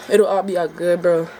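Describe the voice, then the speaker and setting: A woman's voice: lowish voice, level tone, takes it slowly, a little mellow, a little hiss or hum. A young adult woman vlogging about her faith, reading scripture and then talking in a heartfelt, slangy way, often saying "bro.".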